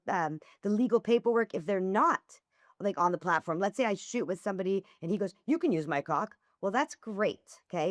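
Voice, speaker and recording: A woman's voice: no room sound, clean studio sound. A middle-aged woman, a podcast guest and author, talking candidly and acting out the people in her stories with big swings of her voice. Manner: animated storyteller, acts out dialogue with big pitch swings. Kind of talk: candid interview conversation.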